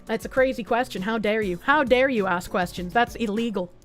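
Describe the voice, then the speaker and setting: A woman's voice: on the high side, fairly quick, faint music behind. A woman VTuber streamer chatting casually on a live stream and thanking donors, playful and bubbly with cutesy baby talk and sarcastic asides.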